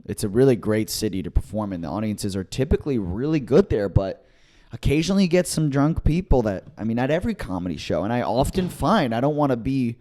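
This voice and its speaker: A man's voice: medium pitch, warm tone. A young man who does stand-up, co-hosting a comedy podcast, telling stories in a rambling way with lots of fillers and acting out what others said. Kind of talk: casual comedy podcast chat.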